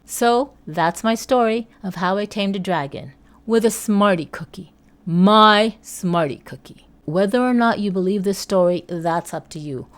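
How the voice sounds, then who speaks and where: A woman's voice: medium pitch, normal speed. A woman vlogger telling a personal story in a casual, chatty way, acting out each exchange as she retells it. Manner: animated storyteller who acts out each exchange in her retelling.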